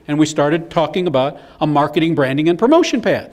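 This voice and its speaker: A man's voice: on the high side, fairly quick. A middle-aged man giving a business seminar, telling stories and acting out the quotes. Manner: animated storyteller acting out quotes. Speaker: business speaker. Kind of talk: live seminar presentation.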